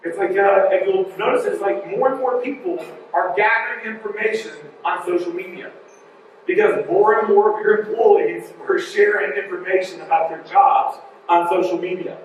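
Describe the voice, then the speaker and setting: A man with a high voice gives a conference talk in a jokey, animated way. He sounds far from the mic, and his voice rings through a large, very echoey hall. A faint room ambience hums behind him. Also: normal speed, slight background noise. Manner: joking, animated, digressive. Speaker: conference speaker.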